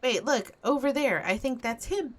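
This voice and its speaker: A woman voicing a small frightened child who is looking for its parents, in a plaintive, slow way. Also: on the high side, animated, voice pushed up. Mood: timid.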